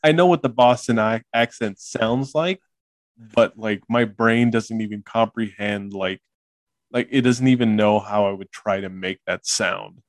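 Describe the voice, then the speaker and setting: A man's voice: lowish voice, a little slow, dry recording. Man, young adult, podcast host, casual rambling chat, laughs a lot, dead dry sound. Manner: laughing, filler-heavy, rambling.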